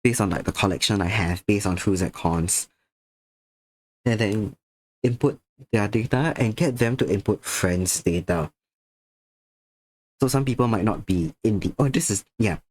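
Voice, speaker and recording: A man's voice: fairly low pitch, measured pace, long pauses, a little mellow, no room sound. A tired man chatting to viewers during an art stream, a little sick, drowsy and slurring slightly. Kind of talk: casual stream chat while drawing.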